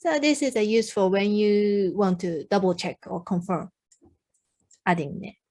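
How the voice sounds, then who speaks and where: A woman with a Japanese accent, a native Japanese speaker, tutoring beginners. She explains slowly in simple English with many ums and says phrases for learners to repeat. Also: medium pitch, darkish tone. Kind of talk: online language lesson.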